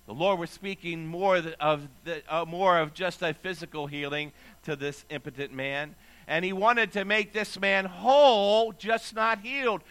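A man preaching a sermon as pastor, slowing down and emphatic when reading scripture aloud. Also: high voice, sharp tone.

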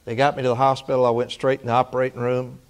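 A man preaching, telling a personal story with feeling, rising loud and falling hushed. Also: medium pitch, flat delivery, rapid-fire, smooth. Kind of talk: sermon testimony.

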